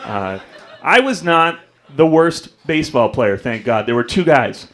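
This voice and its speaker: A man's voice: medium pitch, lively intonation, a little slow, a bit bright. Self-deprecating young male stand-up comic. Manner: self-deprecating storytelling, acts out voices. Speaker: stand-up comedian. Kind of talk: stand-up comedy set. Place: comedy club stage.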